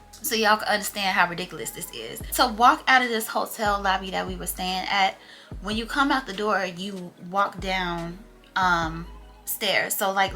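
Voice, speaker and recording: Young woman with gravelly, bright voice. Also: medium pitch. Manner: animated, slangy storytelling that acts out quotes. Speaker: vlogger. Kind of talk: storytime chat.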